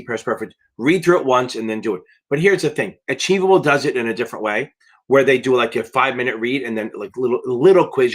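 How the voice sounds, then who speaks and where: A man's voice: mid-range voice, fairly bright tone. Blunt, emphatic man tutoring live. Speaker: exam prep tutor. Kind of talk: live Q&A stream.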